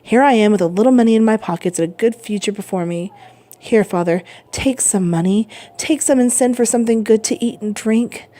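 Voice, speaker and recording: A woman's voice: a little high, fairly quick, dark tone, natural voice. A woman voicing an earnest young male sailor who is a devoted son, speaking eagerly in a storybook reading.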